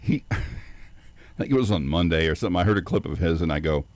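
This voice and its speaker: A man's voice: low-pitched, lively intonation, quick pace, a little mellow, dry recording. A man co-hosting a sports radio show, chatting casually with a laid-back, rambling way of talking.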